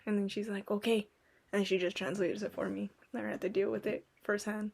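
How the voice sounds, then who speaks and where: Young woman, casual podcast chat, rambling, filler-heavy, plays out quotes, mid pitch. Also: level tone, fairly quick, creaky, darkish tone, breathy edge. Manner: rambling storytelling, lots of "like" and "um", acts out quotes. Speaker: podcast co-host.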